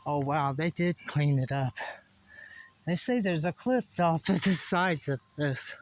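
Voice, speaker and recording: A man's voice: fairly high pitch, measured pace, slight background noise, rough recording. A man, out of breath as he climbs a wooded hillside, chatting folksily to his camera and laughing between gasps. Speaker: vlogger exploring old sites. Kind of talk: casual on-camera narration while hiking. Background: insects and crickets.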